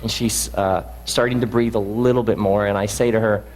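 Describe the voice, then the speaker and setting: A man giving a reflective storytelling talk, earnest and halting, restarting his sentences often. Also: fairly low pitch, fairly even intonation, darkish tone, big-room sound, rough recording. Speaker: speaker.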